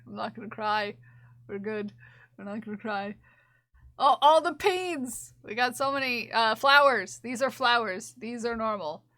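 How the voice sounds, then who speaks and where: A woman's voice: a little high, pushed and bright, no echo. A young woman streaming from home, talking to her chat in a giggly, gushing way on a desk mic. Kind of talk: casual live-stream chat.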